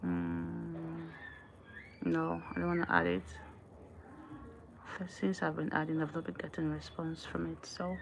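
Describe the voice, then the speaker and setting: A woman's voice: low voice, measured pace, vocal fry, pauses often, background noise. A woman hosting her own live stream in casual chat, often thanking and greeting viewers as they join.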